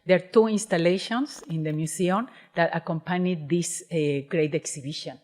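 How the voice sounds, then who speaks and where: A Mexican woman, Spanish her first language, gives a lecture in an auditorium. Her voice sits slightly low. She talks in a halting way, with fillers and repeated starts. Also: darkish tone. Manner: hesitant, many restarts and fillers. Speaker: guest speaker, independent curator. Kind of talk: lecture presentation.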